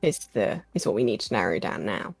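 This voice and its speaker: Husky, gravelly woman reasoning aloud. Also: extremely low pitch, very animated, fairly quick, no echo, faint music behind. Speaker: panelist.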